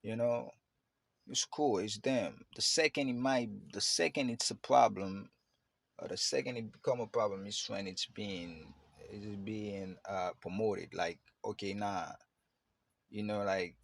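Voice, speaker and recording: A man with a low, gravelly voice muses aloud as a podcast host. He rambles loosely and keeps circling back with fillers. The sound is close and dry, with no room around it. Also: measured pace, dry recording. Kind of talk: casual reflective monologue.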